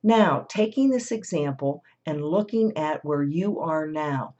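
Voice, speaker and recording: A woman with a low voice leads a gentle, reflective talk, coaxing listeners to turn inward and listen to themselves. She now and then voices the thoughts she quotes. The recording is dull and a little lo-fi. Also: animated, measured pace. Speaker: host of a guided listening series. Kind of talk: guided self-reflection talk.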